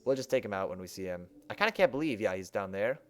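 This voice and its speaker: A man's voice: fairly low pitch, lively intonation, quick pace. A young man giving casual let's-play commentary at a desk mic, thinking aloud and joking at his own choices. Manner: chatty, thinking aloud, self-mocking. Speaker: game streamer. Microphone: desk microphone.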